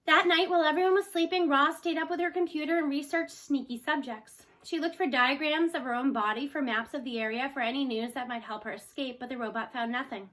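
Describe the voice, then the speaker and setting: A woman reading a children's novel aloud expressively, slowing for chapter titles. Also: high-pitched, fairly even intonation, fairly bright tone. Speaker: storyteller.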